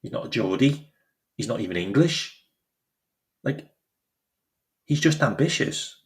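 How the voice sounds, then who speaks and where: A man's voice: medium pitch, a little slow. Emphatic man ranting about football. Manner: animated, emphatic, repeats phrases, acts out quoted voices. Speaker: football channel host. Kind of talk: casual opinion commentary.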